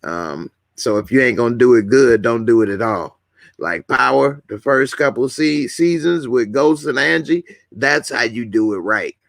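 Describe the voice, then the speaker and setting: A man's voice: medium pitch, lively intonation, normal speed, creaky, a bit bright, dry recording, clean studio sound. A man casually hosting a live stream, chatting with viewers, greeting commenters and laughing often. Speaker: YouTube host.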